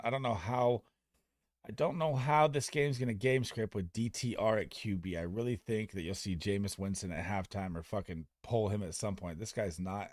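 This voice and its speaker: A young man streaming fantasy football advice in a casual, excitable, profane manner. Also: fairly low pitch, no echo, clean studio sound. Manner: excitable, profane, talks fast and loose. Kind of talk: casual livestream chat.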